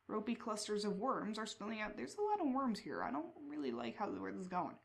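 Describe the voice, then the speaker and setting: A woman playing a text adventure, reading the descriptions aloud and breaking into excited reactions. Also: mid-range voice, a little fast, gravelly. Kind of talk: casual game playthrough.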